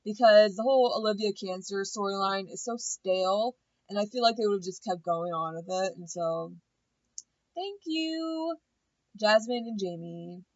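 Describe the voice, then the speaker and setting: A woman's voice: mid-range voice, no room sound, highs cut off. A woman giving a blunt, profane, opinionated casual recap of a reality show.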